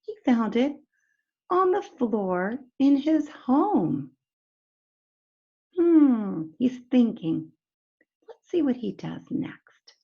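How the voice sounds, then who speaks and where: A woman teacher reading a storybook aloud to children, expressive and speaking to them directly. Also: a little high, extremely slow, gravelly, pauses often. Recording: dull lo-fi recording.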